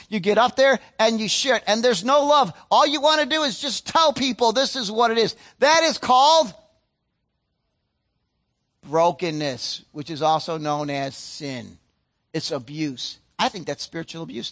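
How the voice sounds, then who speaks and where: High bright-voiced emphatic male pastor. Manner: earnest, emphatic, slows down to stress key points; acts out other people's voices mid-sentence. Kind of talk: sermon.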